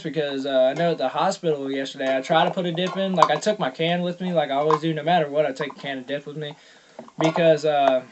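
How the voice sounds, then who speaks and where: A young man with a drawl tells a long, rambling story straight to his camera. His voice sits a bit high for a man, and he swears in nearly every breath. A faint hiss of noise runs under the phone-style recording. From Georgia, US. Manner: profane, rambling, heavy swearing; loud reenacted quotes. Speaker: vlogger. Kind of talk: casual storytelling monologue.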